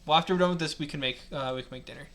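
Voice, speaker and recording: Brief: easygoing young man, bright tone, loose casual delivery. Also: on the high side, very fast. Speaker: co-reader. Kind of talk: casual comic reading and banter.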